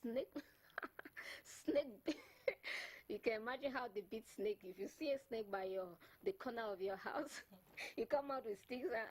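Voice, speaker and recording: A woman hosting a talk show, animated and laughing often, stumbling and repeating words as she talks. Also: medium pitch, slightly rough, low-quality recording. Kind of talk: bilingual talk show chat.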